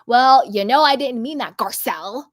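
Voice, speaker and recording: A defensive woman brushes off every complaint in a loud, dismissive singsong. A woman vlogger puts her on mockingly. Her pitch sits a little high. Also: animated, moderate pace, no room sound, clean studio sound, natural voice.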